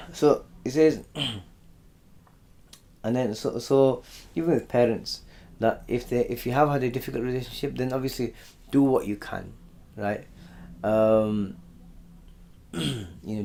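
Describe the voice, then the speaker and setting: A man giving a conversational religious lesson. He often repeats words and clears his throat. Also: medium pitch, fairly bright tone. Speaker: Islamic teacher. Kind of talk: religious lesson on Quran stories.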